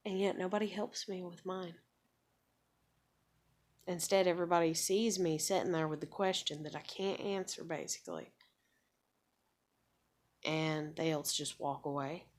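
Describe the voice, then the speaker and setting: A woman's voice: fairly low pitch, steady tone, a little slow, long pauses. A woman in her thirties venting in a rambling, casual monologue, frustrated and swearing often. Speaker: vlogger.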